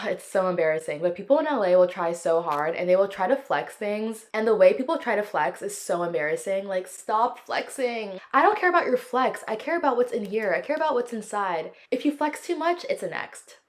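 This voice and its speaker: A woman's voice: mid-range voice, expressive, fairly quick, few pauses. A woman hosting her own solo podcast, chatting casually in a sassy, opinionated, dramatic way, sometimes stretching words in a sing-song. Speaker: podcast host.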